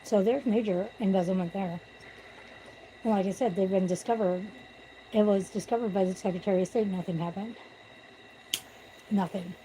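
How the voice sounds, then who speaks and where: A woman's voice: mid-range voice, fairly even intonation, normal speed, pauses often, mellow, slight background noise, poor audio. A woman on a casual livestream at home, venting bluntly and with swearing about corruption. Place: at home with pets.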